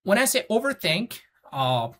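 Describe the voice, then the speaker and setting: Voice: mid-range voice, very animated, moderate pace. Patient teacher, filler-heavy explaining. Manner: patient, repetitive, frequent "uh" fillers and "okay?" checks; instructive, gives spoken examples. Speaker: English test-prep teacher. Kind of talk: explaining lesson to students.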